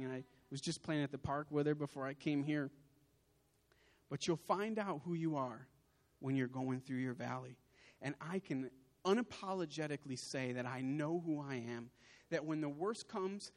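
A young adult man giving an emotional sermon testimony, building to forceful outbursts. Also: fairly high pitch, moderate pace. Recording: long hall reverb.

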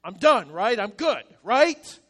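A man preaching a sermon, voicing the apostle Peter as a loud, exasperated grown man. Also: very high voice, sing-song, slow, big-room sound, full character voice.

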